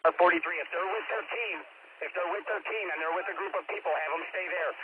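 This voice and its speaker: A man's voice: high voice, fast talker. A man working as a police officer, giving clipped orders and reports from the field over the radio. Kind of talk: radio traffic. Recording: tinny police radio with loud static.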